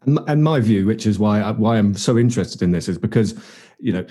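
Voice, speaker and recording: Man, husky low voice, podcast host, thoughtful. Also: lively intonation, fairly quick, dark tone. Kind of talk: casual discussion.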